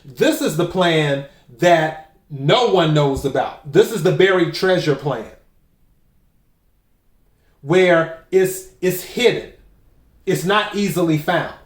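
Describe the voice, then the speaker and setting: A man with a high voice gives an oracle card reading straight to the camera, taking his time over every word. He leans on key phrases and says them again for emphasis. The sound has the echo of a bare room at home. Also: expressive, slow pace. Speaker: tarot and oracle card reader.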